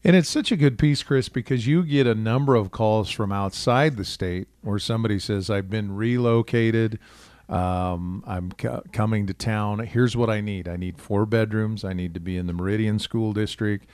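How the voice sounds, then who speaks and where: A man's voice: fairly low pitch, moderate pace, a little mellow, no echo. A man co-hosting a radio talk show, upbeat, praising and prompting the main host.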